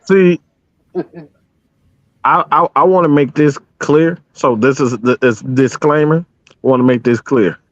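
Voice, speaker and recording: A man's voice: mid-range voice, unhurried, pauses often, no echo, muffled recording. Fired-up, stammering man ranting. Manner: fired-up, profane, stammering restarts. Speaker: podcast co-host. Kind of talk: heated live stream rant.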